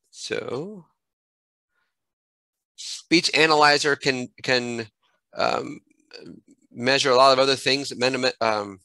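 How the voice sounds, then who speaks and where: A man giving a screen-recorded software tutorial, thinking aloud and correcting himself as he clicks through menus at a desk microphone. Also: medium pitch, no echo, low-quality recording.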